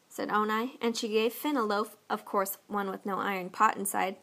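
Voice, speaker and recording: A woman reading a folk tale aloud as narrator, in an expressive, lilting storytelling manner. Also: mid-range voice, moderate pace, vocal fry.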